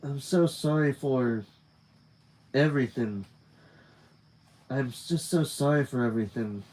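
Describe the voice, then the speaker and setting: Man voicing nervous young woman student, earnest, halting, mid-pitched voice. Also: darkish tone, natural voice, poor audio. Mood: tearful. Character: anxious apologetic young female student.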